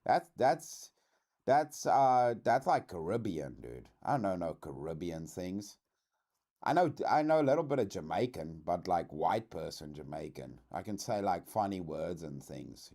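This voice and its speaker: A man from South Africa with a South African accent, hosting a casual livestream reaction chat in a slangy, swearing, animated way. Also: low-pitched, a little slow. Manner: animated, slangy, says dude a lot, swears. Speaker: streamer host.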